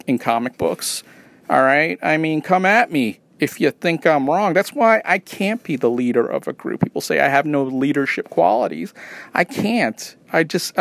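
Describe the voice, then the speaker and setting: A man's voice: fairly high pitch, creaky, no room sound. Casual guy rant, profane, rambly, sarcastic, dry close sound.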